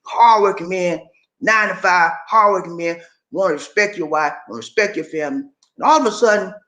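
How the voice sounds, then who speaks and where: A man's voice: high-pitched, fairly quick, pushed and bright, reverberant. An older man hosting a motivational live stream, talking in a preachy, rallying way that repeats phrases to draw his listeners in. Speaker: channel host.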